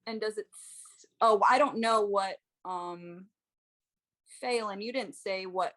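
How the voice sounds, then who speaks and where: A woman's voice: medium pitch, takes it slowly, a bit bright. Woman at a tabletop game, rambly and giggly, lots of um and like. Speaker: player. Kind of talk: casual tabletop game play.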